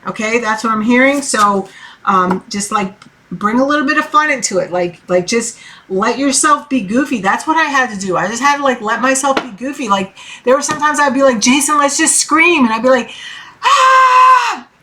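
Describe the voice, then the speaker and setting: A woman's voice: mid-range voice, fairly bright tone, a little hiss or hum. Profane, chatty woman tarot reader. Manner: loose and profane, heavy fillers, encouraging. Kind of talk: casual tarot reading monologue.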